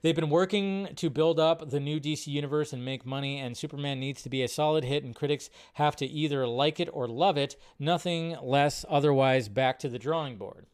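A man's voice: on the high side, fairly quick, hardly any pauses, smooth. A man hosting a live movie news stream, talking casually and rambling as he reads out viewer comments.

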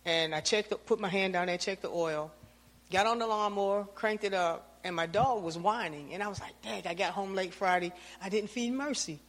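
A woman telling a lively, anecdotal testimony to her church, acting out the lines she and others said. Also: medium pitch, normal speed, big-room sound. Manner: lively storyteller, acts out her own lines. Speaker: church member giving testimony.

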